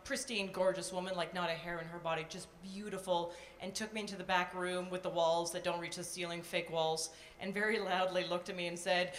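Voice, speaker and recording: A woman's voice: fairly low pitch, fairly even intonation, brisk, fairly bright tone, slight background noise. Canadian lady doing standup, brash and chatty, swears a lot, echoey club mic. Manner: brash, conversational storytelling with profane punchlines. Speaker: stand-up comedian. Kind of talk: live stand-up set. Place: nightclub stage before a live audience. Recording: roomy live club sound.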